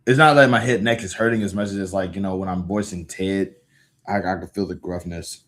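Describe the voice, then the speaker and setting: A man's voice: sits low, steady tone, brisk, a bit bright. A man hosting a live stream, chatting casually about comics in a rambling, laid-back way with lots of fillers and restarts. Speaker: livestream host reading comics aloud. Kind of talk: casual livestream chat.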